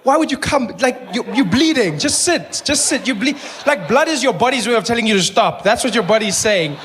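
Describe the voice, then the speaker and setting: A man performing a stand-up comedy set, telling stories in an animated way with stammered restarts. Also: very high-pitched, fairly quick. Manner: animated storytelling, stammering restarts, acting out voices.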